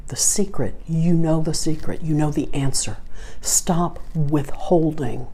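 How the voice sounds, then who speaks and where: Low-voiced older woman teaching spirituality. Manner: animated storyteller who acts out dialogue, then slows to earnest emphasis. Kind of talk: storytelling spiritual talk.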